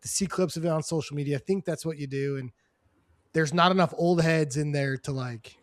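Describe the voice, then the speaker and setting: A man hosting a podcast interview in a relaxed, joking way, with lots of "dude" and "you know.". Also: fairly high pitch, moderate pace, no echo. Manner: laid-back, joking, says "dude" and "you know" a lot. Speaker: podcast host. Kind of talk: casual chat.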